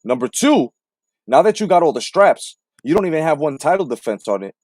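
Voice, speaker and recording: A man with a fairly high, wildly animated voice rants combatively, swearing and hammering his points with repetition. The sound is close and dry, with almost no room. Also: a little fast, dry recording. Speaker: boxing commentary host. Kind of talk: profane live-stream rant.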